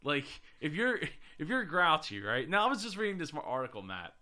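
A man's voice: a little high, big pitch swings, moderate pace, sharp tone. A man hosting a podcast in casual chat, rambling with fillers and restarts. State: voice getting hoarse. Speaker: podcast host.

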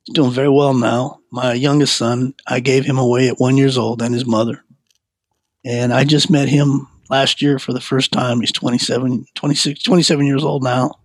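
A man giving a personal testimony in rambling, halting storytelling. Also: mid-range voice, little pitch movement, dry recording. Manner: halting, with many fillers and restarts.

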